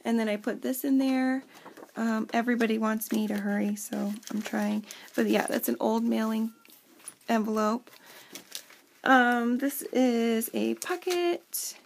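Chatty woman with a gravelly edge. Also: on the high side, fairly even intonation, a little slow, slight background noise. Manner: chatty, lots of fillers, talks to kids off camera. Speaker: crafter showing a handmade journal. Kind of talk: casual show-and-tell. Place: at home.

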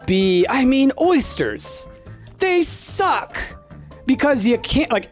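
Frantic man gaming. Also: sits high. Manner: frantic, exasperated, says "y'all". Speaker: gaming channel host. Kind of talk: solo gameplay commentary.

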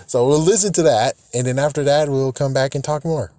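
Man, casual video host, rambling, hesitant, mellow, dry close sound. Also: mid-range voice, fairly quick, no echo. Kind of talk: casual chat.

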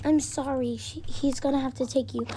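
A woman's voice: high voice, slow pace, a little mellow. A female speaker voicing a school office secretary who makes announcements and cites school policy. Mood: officious.

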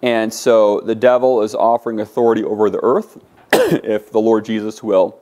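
A man's voice: lowish voice, lively intonation, moderate pace, mellow. A man teaching a Greek class, lecturing in a conversational way with many fillers and restarts. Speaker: Greek instructor.

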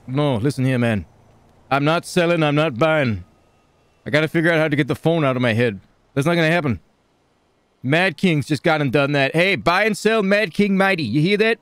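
Guy doing a squeaky high hustler dude, stoned gambler, rambles on and on with buy-and-sell catchphrases. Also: no echo. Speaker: role-player. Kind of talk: improvised game role-play.

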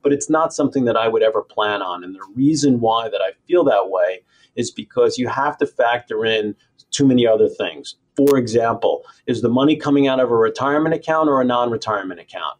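Husky man with a strong New York accent. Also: medium pitch. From Queens, New York. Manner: measured, explanatory. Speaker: financial planner guest. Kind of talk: interview answers.

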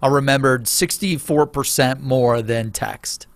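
A man hosting an interview, enthusiastic, with quick affirmations and halting restarts in his questions. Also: medium pitch, no room sound, studio quality. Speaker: podcast host. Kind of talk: casual interview chat.

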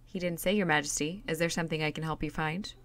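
A woman reading aloud as a tall, stooped male scholar who asks quiet, measured questions in a storybook. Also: low voice, fairly even intonation. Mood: polite.

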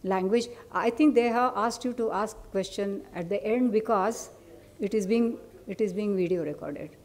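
A woman lecturer with an Indian English accent and a Marathi mother tongue, teaching in a soft, mellow voice. She explains patiently, pausing to ask her listeners questions. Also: mid-range voice. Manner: explanatory, with asides and questions to the audience. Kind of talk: academic lecture.

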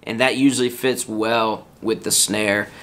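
A man giving a casual worship guitar lesson, counting beats out loud over his strumming. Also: on the low side, steady tone, a little slow. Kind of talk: relaxed guitar lesson with sung examples. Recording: loud acoustic guitar under the voice. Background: acoustic guitar playing.

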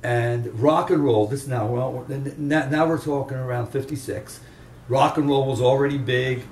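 A man's voice: mid-range voice, normal speed, darkish tone, a little hiss or hum. An older man from the Chester, Pennsylvania area, telling rambling anecdotes as a veteran guitarist in a casual interview. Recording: roomy room, distant mic, faint ambience.

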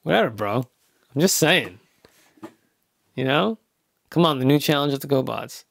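A man's voice: medium pitch, expressive, moderate pace, gravelly, fairly bright tone, no room sound, clean studio sound. A man co-hosting a podcast in casual, teasing banter, often restarting his words. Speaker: podcast co-host.

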